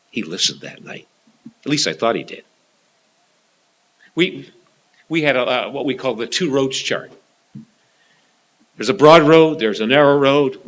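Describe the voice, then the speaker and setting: A male preacher tells a story in an earnest way. His voice is bright and forceful, and he repeats phrases as he builds to emphatic points about eternity. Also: on the low side, muffled recording. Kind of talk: gospel sermon with storytelling.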